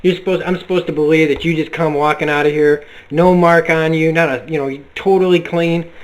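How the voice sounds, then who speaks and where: Guy rambling about a comic he just read, swears a lot, gets worked up, voice slightly high. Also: brisk, rough recording. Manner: excitable, profane, rambling. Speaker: comic book reviewer. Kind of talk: casual spoken review.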